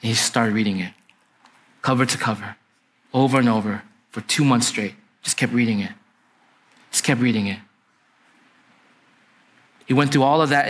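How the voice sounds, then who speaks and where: A man's voice: mid-range voice, fairly bright tone. A young adult man preaching a sermon in a conversational storytelling way, often checking in with his listeners. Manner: conversational, often asks "right?" to the congregation. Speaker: pastor.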